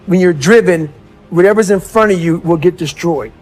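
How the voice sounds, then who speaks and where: A man's voice: high-pitched, moderate pace, a little mellow. A middle-aged man from the United States giving blunt, profane motivational talk and calling listeners "man" and "bro". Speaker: motivational speaker. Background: faint music.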